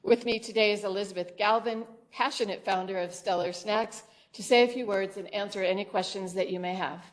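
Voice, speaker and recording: A woman at a mid pitch reads a prepared statement at a public board meeting, formal and measured. She speaks as an economic development representative presenting an applicant. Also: fairly even intonation.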